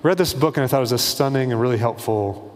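A man's voice: mid-range voice, quick pace, in a large hall. A man preaching a sermon in a casual, conversational way, acting out little bits of dialogue. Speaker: pastor.

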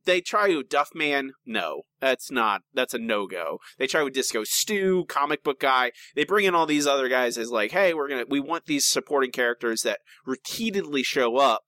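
A man's voice: medium pitch, lively intonation, normal speed, few pauses, bright, forceful tone, no echo. A man co-hosting a podcast in casual chat, talking in an opinionated, rambling way with lots of restarts. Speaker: podcast co-host.

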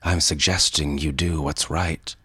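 A man playing a calm, wry inventor who lives in power armor, for an audio story. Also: a bass voice, measured pace, breathy edge, no room sound, full character voice. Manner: calm and even, quietly wry.

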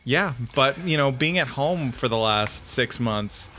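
A man's voice: mid-range voice, measured pace, slight background noise. Good-humored Canadian man, podcast guest. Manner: friendly, good-humored, relaxed. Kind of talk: casual podcast interview.

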